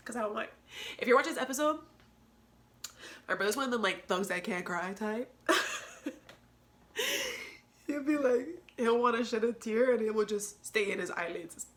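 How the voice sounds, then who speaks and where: Bright-voiced woman hosting a candid podcast. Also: medium pitch, normal speed, vocal fry. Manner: emotional, earnest, preachy, laughs often. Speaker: podcast host. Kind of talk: candid solo podcast talk.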